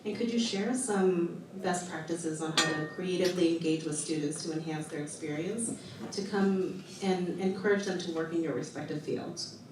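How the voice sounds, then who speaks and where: A woman's voice: on the low side, steady tone, normal speed. Distant echoey woman moderating. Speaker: panel moderator. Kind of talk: moderating a panel. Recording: very echoey, distant, faint noise.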